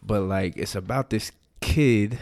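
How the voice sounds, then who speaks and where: A man's voice: lowish voice, measured pace, gravelly, a little mellow. A man co-hosting a casual faith podcast, rambling and full of restarts. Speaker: podcast co-host.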